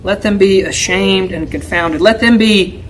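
Unhurried and emphatic, this man delivers an expository sermon as a church elder, frequently turning to the congregation with "right?" His voice moves from loud pleading to hushed asides, on poor audio with slight background noise.

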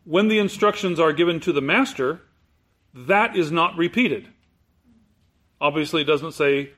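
A man preaching a sermon, explaining scripture word by word in a deliberate, emphatic teaching manner. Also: on the high side, fairly bright tone. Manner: slow, deliberate, explanatory, stresses key words.

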